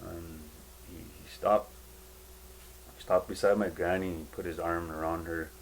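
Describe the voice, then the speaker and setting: A man giving a personal spiritual testimony in a halting, rambling way, full of fillers and restarts. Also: low-pitched, fairly even intonation, slight background noise, rough recording.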